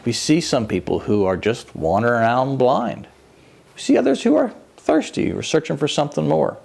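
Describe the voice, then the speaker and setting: A man giving a conversational, animated sermon as a church minister, with self-mocking humor. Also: medium pitch, creaky.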